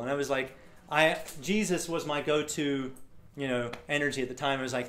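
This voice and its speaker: A man's voice: fairly high pitch, fairly quick. A middle-aged man from Florida telling a story to a live audience, acting out the voices of the people in it. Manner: animated, acts out voices of people in his story. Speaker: speaker. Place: event room with a live audience.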